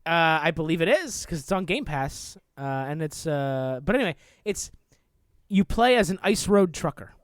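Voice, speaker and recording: Male podcast host, high voice, dry close sound, rambling casual gaming chat. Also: very animated, moderate pace, no room sound. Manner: rambling, filler-heavy, playful.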